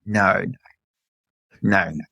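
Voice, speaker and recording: Earnest male co-host, lowish voice, dry close sound. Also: fairly even intonation, slow, vocal fry, bright, forceful tone, dry recording. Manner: earnest, insistent, repeats "no". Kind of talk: comedic banter.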